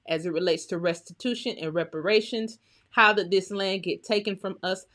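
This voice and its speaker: A woman hosting a live stream as a historian, greeting viewers by name in a lively, chatty way before turning to a serious talk. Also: fairly low pitch. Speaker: livestream host and historian.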